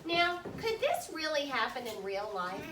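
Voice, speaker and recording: High, lively teacher reading to a class. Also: female voice, moderate pace. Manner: patient, questioning, explains words simply. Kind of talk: read-aloud to a class. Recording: echoey classroom from far off.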